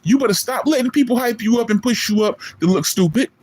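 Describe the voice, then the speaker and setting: A man's voice: very high voice, quick pace, darkish tone. A man, streaming a boastful, profane callout rant at a rival in street slang. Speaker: online streamer.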